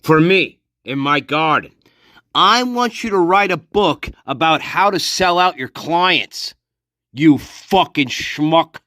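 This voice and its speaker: Slow, scornful man ranting in a dry room. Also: fairly high pitch, expressive, pushed and bright, no room sound. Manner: profane, contemptuous, name-calling; slow, drawn-out insults. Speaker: true-crime commentator. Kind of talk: angry ranting commentary.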